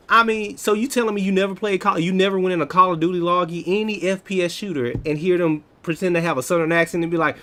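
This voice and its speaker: Lively teasing man in his thirties. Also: sits high, fast talker, few pauses. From United States. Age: 30s. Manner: animated, teasing, laughs often. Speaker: livestreamer answering chat. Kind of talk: casual livestream chat.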